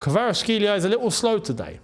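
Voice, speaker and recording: A young man with a fairly high voice, commentating live on a football match for his channel. He talks to his viewers casually and swings from low mutters to excited shouts when the play heats up. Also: fast. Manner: excitable, shouts at big chances and goals.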